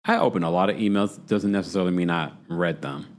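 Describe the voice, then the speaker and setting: A man hosting a casual livestream, chatting and reading viewer comments, with a dry mouth. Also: fast talker. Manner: chatty, animated, jumps into high voices when quoting. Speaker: host.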